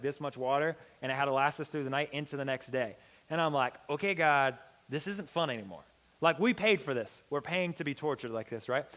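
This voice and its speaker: A young man giving a youth sermon as a pastor, telling a story with lively acted-out dialogue. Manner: animated, acts out quoted dialogue with big pitch swings. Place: church hall. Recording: long hall reverb.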